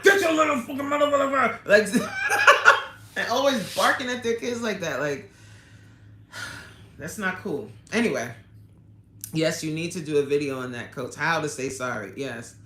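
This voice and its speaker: The recording, from an echoey room with faint ambience, catches a female fitness coach on a livestream. She responds to viewer comments frankly and forcefully, laughing a lot, in a lowish voice with a fairly bright tone.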